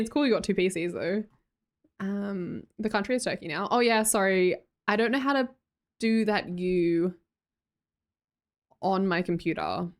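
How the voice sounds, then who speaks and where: An Australian woman, a young adult, hosting a casual livestream chat, reading chat aloud and laughing often. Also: medium pitch. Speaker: livestream host.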